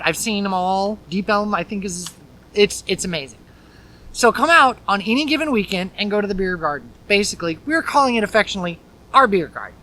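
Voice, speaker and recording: Upbeat woman host chatting about food outside at a theme park, bright clear voice. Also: medium pitch, poor audio. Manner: enthusiastic, chatty, laughs often. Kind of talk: casual on-location food chat.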